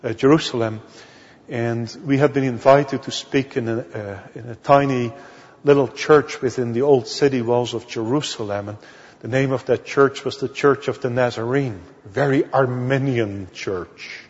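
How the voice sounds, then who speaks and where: A male minister from the Netherlands, preaching a sermon in slow, deliberate storytelling that leans on key words. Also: medium pitch, fairly even intonation. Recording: dull audio with long hall reverb.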